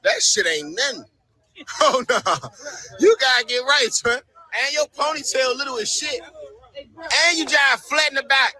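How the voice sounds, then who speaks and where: A man's voice: very high voice, expressive, a little slow, sharp tone, low-quality recording. A man filming on a city street with a phone, taunting and mocking people repetitively.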